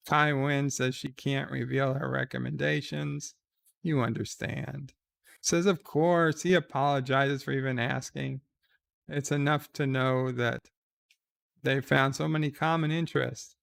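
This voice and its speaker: A man giving live reaction commentary, retelling a TV episode in a slow, relaxed way with fillers. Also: mid-range voice, gravelly, no room sound.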